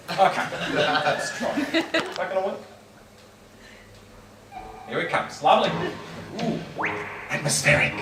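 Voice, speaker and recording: A man doing live comedy storytelling in a theatrical, camp manner with frequent giggles. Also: sits high. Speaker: comic storyteller. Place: small live performance venue. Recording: echoey venue, far from mic, music.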